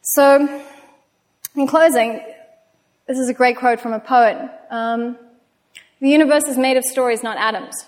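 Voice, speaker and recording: A woman's voice: high-pitched, steady tone, measured pace, pauses often, a little mellow. A woman giving a public talk, telling chatty, self-mocking anecdotes to an audience. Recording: long hall reverb.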